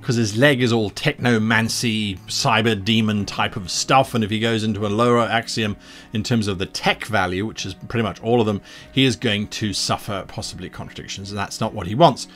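A man's voice: fairly low pitch, brisk, a bit bright. A man, a game master, explaining how he designed a tabletop adventure, rambling with many asides.

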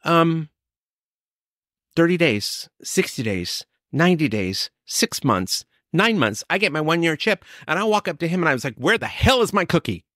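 Brief: man, recovery story share, slightly high voice, animated quoted lines. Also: normal speed, dry recording, clean studio sound. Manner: storytelling, acts out quoted exchanges. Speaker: recovery speaker.

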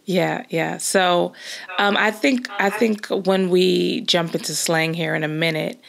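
A young woman with a Californian accent, softened by a hint of Scottish, chats casually on a podcast. Her voice sits a little low and has a gravelly fry, and she talks with easy restarts and laughter. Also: steady tone, measured pace. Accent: Californian, slight Scottish blend. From California, Los Angeles. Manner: chatty, laughs often, many restarts. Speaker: podcast co-host. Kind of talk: casual chat.

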